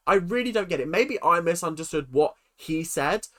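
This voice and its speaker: Emphatic vlogger, exasperated rant with a swooping, expressive pitch and many rhetorical questions. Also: moderate pace. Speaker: reality TV recap vlogger. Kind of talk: ranting commentary to camera.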